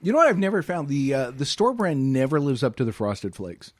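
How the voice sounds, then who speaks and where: A man's voice: mid-range voice, very animated, fairly quick, dry recording. A middle-aged man co-hosting a casual chat show, telling rambling stories and acting out bits of dialogue. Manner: rambling storyteller, acts out voices. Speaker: podcast co-host.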